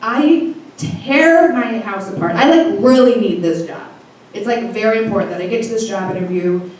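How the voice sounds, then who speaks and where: A woman's voice: mid-range voice, normal speed, darkish tone. A young woman telling a funny, profane personal story to a live audience, laughing as she goes. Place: live stage before an audience. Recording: echoey hall from far off, faint noise.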